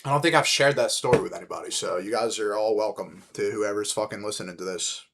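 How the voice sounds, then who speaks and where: A young man hosting a podcast, telling stories in a casual, animated, heavily profane way and calling his listeners dude. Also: fairly low pitch, fast talker, background noise. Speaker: podcast host. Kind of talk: casual storytelling chat.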